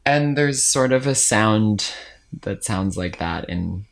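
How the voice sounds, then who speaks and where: A man's voice: on the low side, lively intonation, takes it slowly, vocal fry. A man from the American Midwest, a podcast guest, joking playfully in casual chat.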